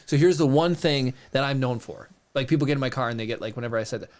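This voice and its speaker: A man in his thirties co-hosting a podcast, telling stories in a rambling, animated way. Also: mid-range voice, quick pace. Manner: rambling, animated storytelling with restarts. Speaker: podcast co-host. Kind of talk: casual chat.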